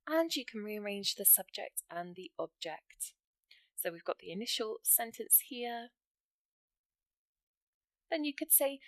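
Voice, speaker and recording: This woman's voice sits a little high and sounds a bit bright, with no room sound around it. She's an English teacher preparing students for a writing exam, going over example sentences one step at a time and offering plenty of encouragement as she explains the grammar.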